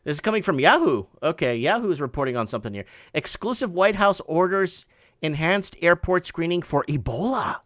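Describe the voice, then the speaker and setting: A man hosts a call-in show in a high, light voice. He sounds close and dry, with no room echo. His talk is loose and easygoing, and he drops in sarcastic jokes as he reads from his screen. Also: brisk. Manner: relaxed, joking, sarcastic asides. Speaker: show host. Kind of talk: casual call-in chat.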